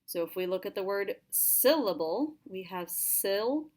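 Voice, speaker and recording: A woman teacher giving a patient, clear lesson to students. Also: medium pitch, animated, moderate pace, darkish tone. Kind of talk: classroom lesson narration.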